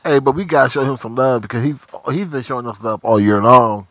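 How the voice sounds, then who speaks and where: A man's voice: mid-range voice, fairly quick, fairly bright tone, dry recording. A man co-hosting a casual music show, joking and bantering with repeated slang. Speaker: radio show co-host. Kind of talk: casual chat.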